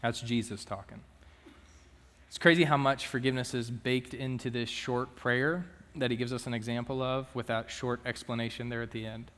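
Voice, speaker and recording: A male student minister delivers a relaxed, conversational sermon with frequent asides to the congregation. His medium-pitched, fairly bright voice stays steady at a moderate pace, and the church hall gives it a long reverb.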